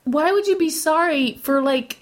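A woman's voice: sits high, measured pace. A woman, giving blunt, opinionated casual talk, swearing freely and acting out other people. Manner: blunt, swears, animated mimicry.

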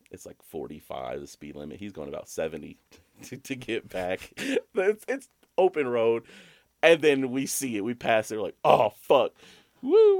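A young man co-hosting a podcast, telling a long, rambling story full of swearing, and jumping to a high voice when he quotes himself. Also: creaky, no echo. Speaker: podcast co-host. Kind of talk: casual storytelling chat.

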